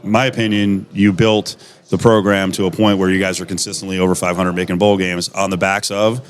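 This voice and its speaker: A man's voice: sits low, flat delivery, fairly quick. A man hosting a sports talk radio show, asking rambling, chatty questions full of fillers.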